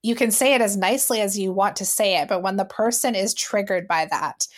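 A woman's voice: mid-range voice, brisk. A woman co-hosting a casual podcast, speaking reflectively, laughing often and acting out voices she quotes. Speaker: podcast co-host.

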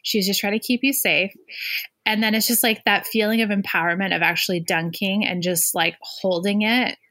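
A woman's voice: mid-range voice, fairly even intonation, normal speed, sharp tone. A woman co-hosting a podcast, talking reflectively with many fillers and acting out her inner voices. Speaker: podcast co-host. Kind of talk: casual podcast chat.

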